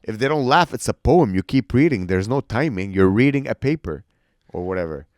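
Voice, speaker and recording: Lively joking podcast guy. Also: on the low side, a little fast, dry recording, clean studio sound. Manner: joking, riffing banter. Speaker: podcast co-host, comedian. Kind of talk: casual chat.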